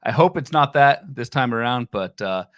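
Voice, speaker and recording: A man co-hosting a fantasy baseball podcast, talking casually and animatedly with quick restarts. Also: mid-range voice, animated, a bit bright, no echo, clean studio sound. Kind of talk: casual sports chat.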